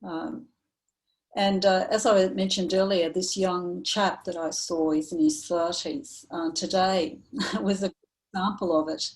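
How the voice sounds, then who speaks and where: A woman therapist speaking in an online training session, telling a client story in a measured, reflective way with frequent ums and uhs. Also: fairly low pitch, steady tone, poor audio. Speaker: somatic therapist presenting to professionals.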